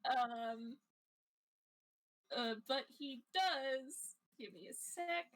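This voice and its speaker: A woman's voice: sits high, extremely slow, poor audio. A woman narrating her character in a casual tabletop role-play, giggly and full of little fillers. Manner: giggly, lots of fillers and restarts. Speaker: player.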